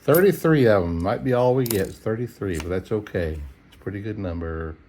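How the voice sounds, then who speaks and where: A man's voice: on the low side, animated, fairly quick, dark tone, slight background noise. A middle-aged man, tired and yawning, chatting in an easygoing, folksy way while he searches coin rolls late at night at home. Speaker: coin roll hunter. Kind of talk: casual narration while searching coins.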